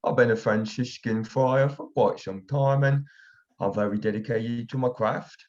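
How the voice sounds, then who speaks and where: A man's voice: mid-range voice, measured pace, darkish tone, lightly acted. A man voicing an odd, twitchy male friar who speaks in a mock-formal, old-fashioned way, heard through a dull lo-fi recording. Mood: rambling genial. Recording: dull lo-fi sound.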